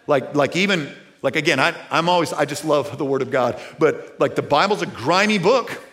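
Bright-voiced preaching man. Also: fairly high pitch, normal speed. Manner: conversational preaching with many fillers, swinging from loud to hushed. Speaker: pastor. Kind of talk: sermon. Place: church auditorium with audience.

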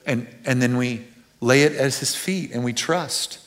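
With a medium-pitched voice and a measured pace, this man preaches as a pastor. He is earnest and animated, moving from loud excitement down to quiet intensity.

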